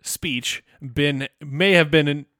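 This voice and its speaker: A man's voice: fairly high pitch, takes it slowly, fairly bright tone, dry recording, studio quality. A man co-hosting a podcast, telling the plot of a cartoon in an agreeable, chuckling way with loose fillers. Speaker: podcast co-host. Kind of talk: casual chat recapping a cartoon episode.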